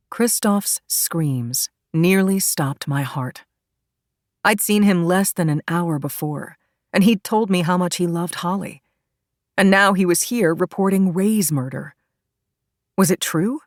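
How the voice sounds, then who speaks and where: A woman's voice: on the low side, no echo, clean studio sound. A woman reading a first-person crime thriller as audiobook narrator, in a tense, dramatic manner.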